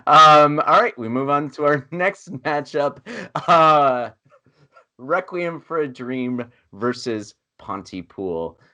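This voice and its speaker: A man's voice: fairly high pitch, slow, sharp tone. A man hosting a film podcast, moderating a bracket debate in an easygoing, laughing way. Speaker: podcast host running the bracket. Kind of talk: casual moderating chat.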